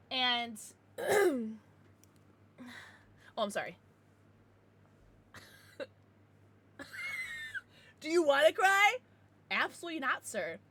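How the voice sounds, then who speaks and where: A woman streamer chatting casually with her viewers, excitable and swearing freely. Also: high voice, dry recording. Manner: laughs and gasps often. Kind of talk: casual livestream chat with viewers.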